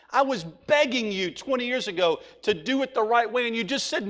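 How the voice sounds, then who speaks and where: Male pastor, high-pitched tenor, reads scripture and preaches with building urgency. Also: lively intonation, a little fast, hardly any pauses, fairly bright tone. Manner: reads scripture aloud then preaches, rising to urgent pleading. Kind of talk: sermon.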